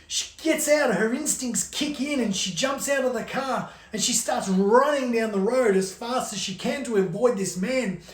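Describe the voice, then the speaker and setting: A storyteller tells a scary tale in a casual, chatty way and leans on "like" as a filler. The voice sits in the middle of the pitch range. The room sounds echoey. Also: normal speed, few pauses. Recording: roomy echo.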